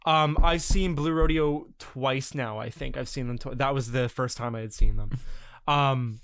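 A man's voice: medium pitch, normal speed, a bit bright, smooth, no room sound. A man co-hosting a casual music podcast, talking in an enthusiastic, rambling way with many restarts and fillers. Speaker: podcast co-host.

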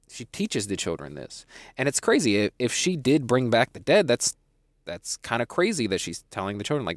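A man's voice: lowish voice, big pitch swings, normal speed, dry recording. Chatty man recapping, dry close sound. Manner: chatty, with frequent restarts and asides. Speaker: podcast host reviewing a TV episode. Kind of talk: casual episode recap.

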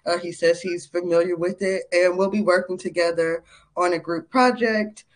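A young woman from North Carolina, telling stories as a podcast guest in a lively way, full of fillers and laughs. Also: fairly low pitch, moderate pace. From North Carolina, USA. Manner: animated, laughs often, many fillers. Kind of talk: casual interview storytelling.

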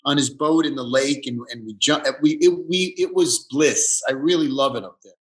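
A man from the Bronx, a guest on a casual chat show, talking in halting bursts with many restarts. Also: mid-range voice. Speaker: actor guest.

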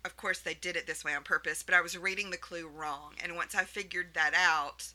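A woman's voice: lowish voice, fairly even intonation, a little fast, bright, forceful tone, rough recording. A woman co-hosting a podcast, telling a story in casual chat and laughing often as she goes. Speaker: podcast co-host.

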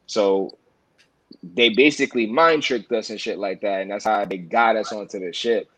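A man's voice: fairly low pitch, moderate pace, no echo, low-quality recording. A man, chatting casually as a podcast co-host, rambling with lots of fillers and restarts. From New York. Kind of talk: casual chat.

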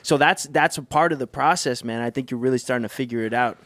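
A man offers laid-back encouragement in casual podcast chat. His voice is at an average pitch. It is recorded dry and close to the mic. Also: fast, fairly bright tone, no echo.

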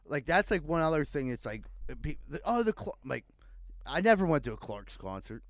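A man with a Pittsburgh accent hosts a casual podcast, rambling and laughing. His voice sits a little high. It sounds close and dry. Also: very animated, brisk, no echo. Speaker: podcast host. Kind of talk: casual chat.

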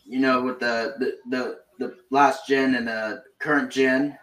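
A man's voice: medium pitch, steady tone, a little slow, a bit bright, distant mic. A man hosting a casual podcast, reading through news with lots of fillers and restarts. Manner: reads game news with many fillers and restarts. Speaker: podcast host. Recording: roomy echo, off-mic.

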